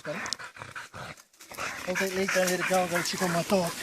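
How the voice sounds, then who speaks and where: A New man with a high voice, talking excitedly on a hunt and calling out loudly to his mates and dogs. The outdoor camera audio is noisy, and dogs are heard behind him. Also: a little fast. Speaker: pig hunter. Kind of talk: casual outdoor chat on a hunt.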